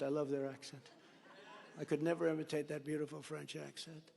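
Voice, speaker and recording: An older American man in his seventies gives a boastful campaign rally speech and acts out conversations as he tells his stories. His voice is gravelly and fairly high for a man. A long reverb from a big rally venue trails each phrase. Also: flat delivery, a little fast, mellow. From United States. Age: 70s. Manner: boastful storytelling with acted-out quoted dialogue.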